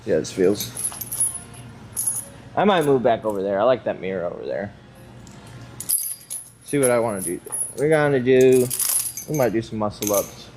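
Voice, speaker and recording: A man's voice: lowish voice, animated, normal speed, pauses often, darkish tone, faint music behind. A young man chatting casually while working out in a gym, rambling and swearing freely with a self-mocking edge. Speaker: vlogger.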